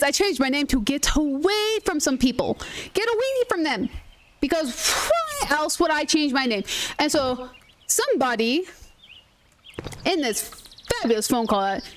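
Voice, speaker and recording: Young woman, high voice, animated storytelling, casual gaming chat, faint background noise. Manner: animated storytelling, frequent restarts and quoted dialogue. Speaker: gaming streamer.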